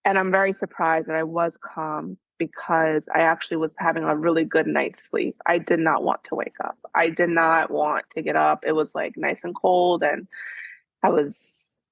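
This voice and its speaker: A woman's voice: deep voice, flat delivery, normal speed, gravelly, no room sound, highs cut off. A mother in a coaching session, recounting her week in a rambling, filler-heavy way. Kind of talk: casual chat.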